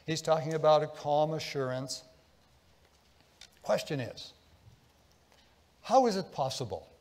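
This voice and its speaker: A man preaching a sermon as pastor, telling a story, dropping to a hush and then rising with feeling. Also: on the high side. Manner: storytelling, swinging between hushed and impassioned. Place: church sanctuary. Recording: long church reverb.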